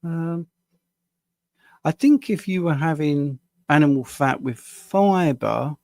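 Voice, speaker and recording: Gravelly, tired man on a dry home mic. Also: medium pitch, dry recording. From United Kingdom. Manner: casual, rambling, self-deprecating with small laughs. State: tired after a long day at the screen. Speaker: health coach answering viewer questions. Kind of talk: live Q&A stream.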